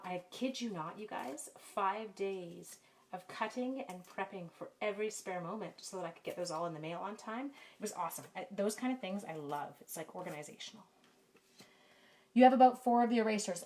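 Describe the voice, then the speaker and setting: A woman's voice: mid-range voice, a little hiss or hum. A middle-aged Canadian woman leading a live card-making lesson from her home craft room, chatty and self-deprecating, talking to viewers by name. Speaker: stamping craft demonstrator. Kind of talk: live-stream craft tutorial with chat. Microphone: camera mic.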